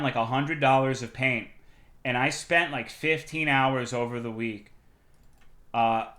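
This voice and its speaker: A young man chatting on a livestream, telling a story in a swearing, animated way with sudden loud outbursts. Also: a little high. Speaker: streamer. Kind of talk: casual stream chat.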